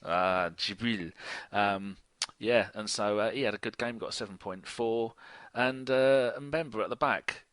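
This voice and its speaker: English male podcast co-host, jokey and chatty, fumbles names, bright tone, dry recording. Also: on the low side, measured pace, clean tone, dry recording. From England. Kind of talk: casual football chat.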